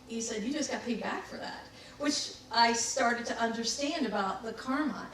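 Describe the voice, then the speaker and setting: A woman's voice: mid-range voice, fairly bright tone. A woman giving a candid, reflective talk on personal growth, laughing at herself as she tells her own story. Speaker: spiritual speaker. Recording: very echoey room, distant mic, faint noise.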